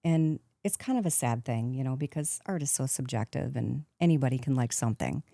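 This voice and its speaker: A woman in her fifties, a guest in a casual interview, telling stories in a lively way, acting out quotes and laughing often. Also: very deep voice, brisk, gravelly, dry recording, clean studio sound. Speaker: guest, actress turned painter.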